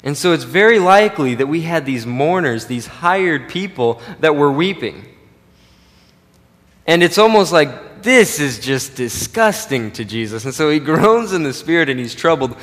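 A pastor preaching a sermon, swinging from loud emphatic peaks to quiet low asides. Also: male voice, expressive, normal speed, in a large hall.

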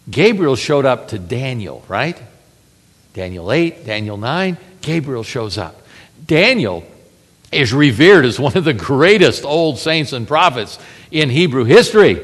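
A man preaching a sermon, telling a scripture story with lively rhetorical questions to the congregation. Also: medium pitch, unhurried, big-room sound.

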